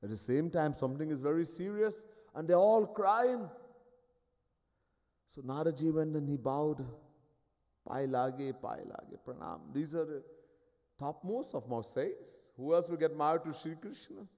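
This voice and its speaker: Swami storyteller, man, somewhat high voice, acts out figures, live hall reverb. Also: normal speed. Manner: animated, acts out each figure, chuckles often. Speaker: swami giving a discourse. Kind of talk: devotional storytelling sermon.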